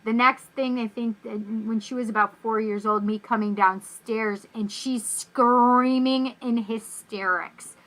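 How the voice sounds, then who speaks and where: A woman from North America, a guest telling a personal story in casual, animated talk, acting out the voices in her quotes. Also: a little high, measured pace, few pauses, rough recording.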